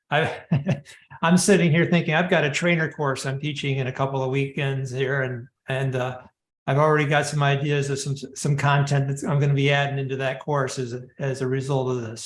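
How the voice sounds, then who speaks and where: A man's voice: medium pitch, roomy sound. A man hosting a roundtable webinar, speaking in a friendly, hesitant way with many fillers. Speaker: roundtable host.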